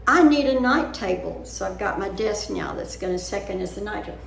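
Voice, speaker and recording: A woman's voice: medium pitch, expressive, normal speed, gravelly, hardly any pauses. An older woman chatting casually to her viewers from her living room, rambling as she talks her worries through, in a roomy recording with a little background noise. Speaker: vlogger. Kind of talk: casual chat.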